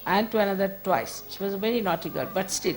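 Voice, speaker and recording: A woman's voice: mid-range voice, expressive, quick pace, heavy background noise. A woman giving an informal spiritual talk as a teacher, conversational and firm, chiding at times and often laughing.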